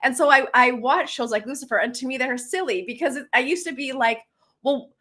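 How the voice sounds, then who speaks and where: A woman's voice: high voice, fast talker. Chatty, giggly woman hosting a live stream. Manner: chatty, giggly, animated with lots of laughs and fillers. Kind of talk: casual live-stream chat, reading comments aloud.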